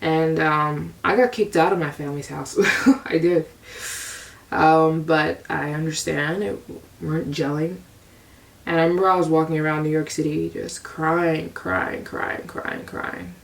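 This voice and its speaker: Young woman, deep voice, gravelly, unhurried candid vlog storytelling, set back from the mic. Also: fairly even intonation. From United States. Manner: confessional, rambling, frequent repeats. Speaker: vlogger. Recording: voice distant from the mic.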